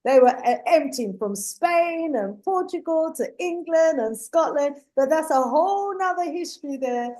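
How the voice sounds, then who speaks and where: A woman hosting a live talk show who reads audience comments and speaks with earnest, measured emphasis, calling her guests "beloved". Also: high-pitched, lively intonation, warm tone. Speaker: host.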